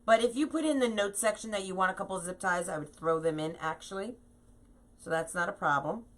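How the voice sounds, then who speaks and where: A woman's voice: medium pitch, a little fast. A woman hosting a live craft tutorial, chatting and laughing at herself as she reads viewer comments at her home craft table. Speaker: craft host teaching wreath making.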